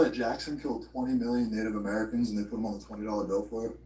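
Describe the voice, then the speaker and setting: A man's voice: fairly low pitch, fairly even intonation, very fast, warm tone. Guy streaming and rambling, swears a lot, sounds far from the mic in an echoey room. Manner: profane, rambling, breaks into mock impressions. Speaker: livestream host. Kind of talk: rambling live-stream chat. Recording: roomy, distant from the mic.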